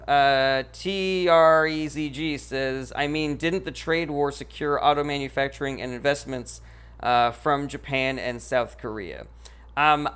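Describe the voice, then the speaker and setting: Male livestream host, mid-pitched, blunt, profane, riffing on viewer questions. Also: a bit bright. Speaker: livestream host answering chat. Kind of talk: casual livestream Q&A, reading viewer comments.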